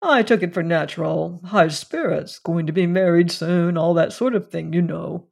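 Low, distinct, unhurried gentleman clubman, weary, read by a narrator. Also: vocal fry. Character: tired clubman telling a strange story, man. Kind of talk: audiobook reading of a story.

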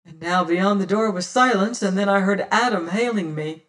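A man's voice: high-pitched, moderate pace, fairly bright tone. A man narrating an old-fashioned adventure novel in first person, in a solemn storytelling manner. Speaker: audiobook narrator.

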